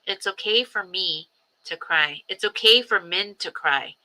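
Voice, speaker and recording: A woman who is a grandmother, hosting a personal livestream and talking reflectively, with frequent ums, pauses and repeated phrases. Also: mid-range voice, sharp tone, poor audio. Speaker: livestream host. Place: home livestream.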